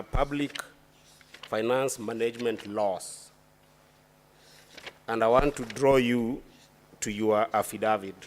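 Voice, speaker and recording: A man questions a witness at a formal senate hearing, his voice sitting on the low side. He speaks in a deliberate, legalistic way and restarts his phrases as he searches for the words. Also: a little hiss or hum.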